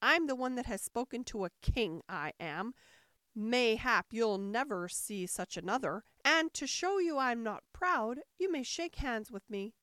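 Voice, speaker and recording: Picture a haughty, easily offended egg of a man perched on his wall, as a woman reader puts him on, drawing out every word with lofty scorn. His voice rises and falls in big swoops of self-importance, and it sits dry and close with no room around it. It is a storybook voice, loud with pride. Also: a little high, expressive, no room sound. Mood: boastful. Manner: haughty, slow and emphatic, scornful. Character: pompous touchy male egg creature perched on a wall. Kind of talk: storybook reading.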